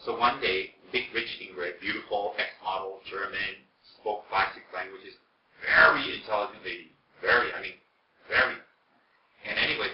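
A man's voice: sits low, background noise. A man casually telling a rambling personal story, with chatty asides. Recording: distant, roomy, dull lo-fi.

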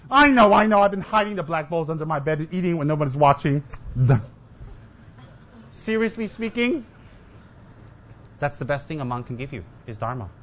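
A man's voice: a little high, expressive, normal speed, pauses often, a bit bright, lo-fi sound. A man giving a humorous Dharma talk as a Buddhist teacher, joking with and teasing his listeners and mimicking his students.

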